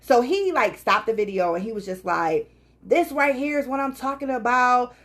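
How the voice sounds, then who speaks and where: Animated woman with lively pitch. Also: normal speed. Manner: animated storytelling, quotes others with voices, laughs often. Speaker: podcast co-host. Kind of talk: casual chat.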